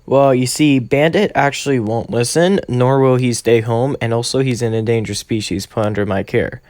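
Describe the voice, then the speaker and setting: A man's voice: medium pitch, normal speed, a little mellow, no echo, lightly acted. A man voicing a nervous, modest teenage boy who talks in a hesitant, flustered way. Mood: explaining.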